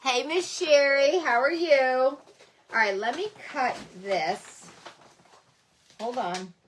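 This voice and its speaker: A middle-aged woman with a high-pitched, expressive voice speaks slowly while hosting a casual crafting livestream from home. She chats about her supplies, scolds herself for forgetting things, and greets viewers by name. There's a little hiss or hum.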